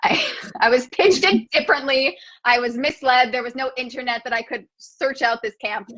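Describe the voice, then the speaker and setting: A woman hosting a casual video-call chat, telling self-mocking stories in an animated way. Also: sits high, normal speed. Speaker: host. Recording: dull lo-fi call audio.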